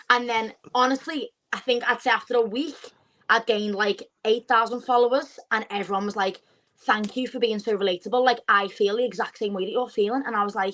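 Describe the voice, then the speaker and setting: Chatty young woman, animated storyteller. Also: on the high side, fairly quick, low-quality recording. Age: 20s. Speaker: podcast guest. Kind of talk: casual chat.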